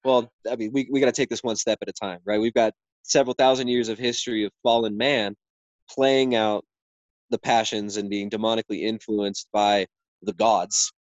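A man's voice: fairly low pitch, level tone, moderate pace, no echo, muffled recording. A man in a casual debate, arguing earnestly about faith and society, often restarting and checking in with "right?".

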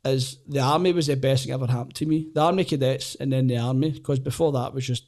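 A man with a Glaswegian accent, a comedian and former soldier, telling animated stories in casual chat and laughing often. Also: mid-range voice, quick pace. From Glasgow, Scotland. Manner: animated, laughs often, acts out voices in anecdotes.

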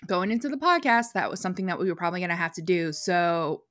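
A woman's voice: fairly low pitch, lively intonation, fast talker, fairly bright tone, no echo, clean studio sound. A woman co-hosting a podcast from home, chatting in a rambling way and laughing easily. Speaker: podcast co-host. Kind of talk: casual chat.

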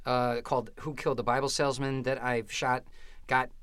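Lively, bright-voiced man telling stories. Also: mid-range voice, moderate pace, clear, resonant tone, no echo. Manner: animated storyteller acting out other people's voices. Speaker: comedian guest. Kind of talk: casual storytelling interview.

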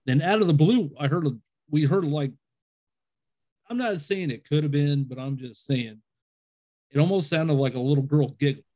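Rambling, higher-voiced male storyteller. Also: moderate pace, dark tone. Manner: rambling storyteller, acts out quoted dialogue; self-described skeptic and overthinker. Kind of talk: casual conversation.

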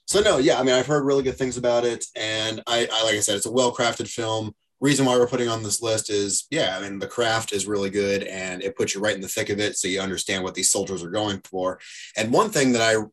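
A man's voice: fairly low pitch, steady tone, fairly quick. A man in a casual movie chat who talks in a chatty, hedging way and keeps filling in with "I mean" and "you know".

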